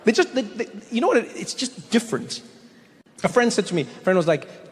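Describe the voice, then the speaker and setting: High-voiced man doing stand-up. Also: fast talker, in a large hall. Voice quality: animated, with frequent restarts. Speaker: stand-up comedian. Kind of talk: stand-up comedy storytelling.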